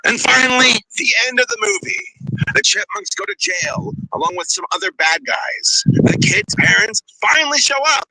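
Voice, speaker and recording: A man's voice: sits high, very animated, normal speed, gravelly, pushed and bright, no room sound, low-quality recording. A man narrating a comedic movie review in a sarcastic, exasperated way. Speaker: video reviewer.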